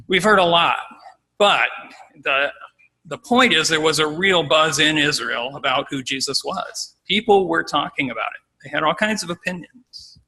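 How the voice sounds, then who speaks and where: A man's voice: a little high, moderate pace, bright, forceful tone, low-quality recording. A man giving an informal, conversational sermon as a lay preacher, acting out scenes as he goes.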